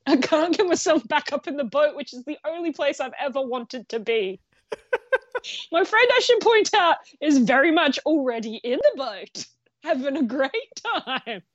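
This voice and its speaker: A woman co-hosting a podcast, telling a story in a casual, animated way, laughing often and swearing freely. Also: high voice, normal speed, dry recording, highs cut off. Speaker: podcast co-host.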